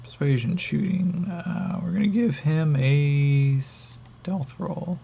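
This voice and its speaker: A man narrating a solo tabletop game as game master, thinking aloud, halting and swearing as he rolls. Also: on the high side, creaky, dark tone, breathy edge.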